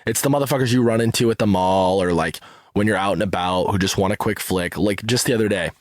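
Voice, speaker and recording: A man talking on a podcast in a laid-back way, full of profane slang. His voice is low and the sound is dry and close, and he sometimes trails off into a mutter. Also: quick pace, no echo. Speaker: podcast co-host. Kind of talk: casual podcast chat.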